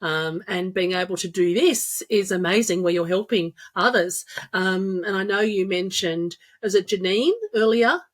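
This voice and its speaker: A woman hosting a podcast, asking friendly, halting questions with frequent fillers. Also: mid-range voice. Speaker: podcast host. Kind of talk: interviewing a guest.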